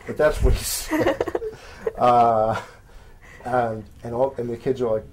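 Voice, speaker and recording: A man's voice: mid-range voice, level tone, a little slow, darkish tone, a little hiss or hum. A man, a magazine editor, chatting informally about weekend picks, rambling with many fillers and addressing listeners as folks. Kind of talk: casual spoken recommendations.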